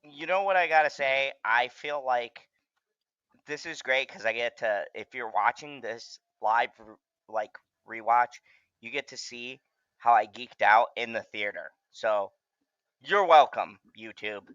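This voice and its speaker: A man hosting a movie watch-along in casual chat, gushing with excitement and swearing freely. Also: mid-range voice, a little slow, clean tone, no room sound, dull audio. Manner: excitable, gushing and heavily profane.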